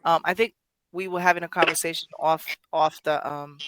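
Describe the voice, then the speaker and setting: A podcast host, enthusiastic and quick to interject, leading a casual discussion. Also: mid-range voice, steady tone, fairly bright tone, smooth, no echo, low-quality recording.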